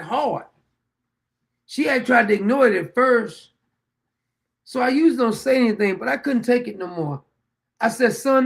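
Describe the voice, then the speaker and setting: A middle-aged man holds forth in a blunt, rambling rant as host of his own show. His voice sits high for a man and carries a gravelly rasp, and he keeps circling back to the same points like a preacher. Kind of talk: opinionated monologue.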